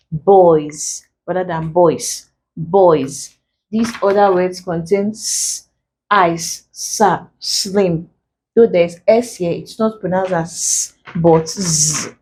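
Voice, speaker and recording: Slow, deliberate woman teaching pronunciation. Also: fairly low pitch, mellow, slight background noise, low-quality recording. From Nigeria. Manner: slow, deliberate, repeats example words. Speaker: English tutor. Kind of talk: exam-prep pronunciation lesson.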